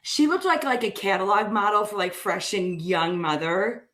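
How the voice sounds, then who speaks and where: A woman's voice: medium pitch, moderate pace, fairly bright tone. A woman co-hosting a live morning stream, trading teasing comebacks. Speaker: co-host of a live morning show. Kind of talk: joking live-stream banter.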